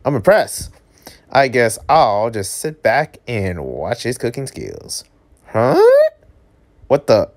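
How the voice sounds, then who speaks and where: Jokey man reading a comic aloud. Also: slow pace. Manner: animated, jokey, yelps high on surprise. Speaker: channel host reading a webcomic aloud. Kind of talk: casual read-aloud with reactions.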